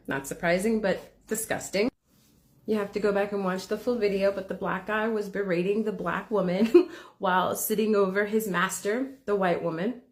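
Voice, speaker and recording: A woman speaks at a middle pitch, telling a personal story in a candid, casual way. Her delivery is conversational, with plenty of filler words as she comments on a video. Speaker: reaction video host.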